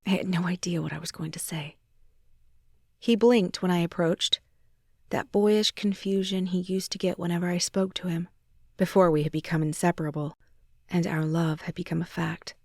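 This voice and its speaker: A woman's voice: on the low side, fairly even intonation, normal speed, no room sound, studio quality. A woman narrating a first-person romance audiobook in an intimate way, sometimes dropping to a whisper.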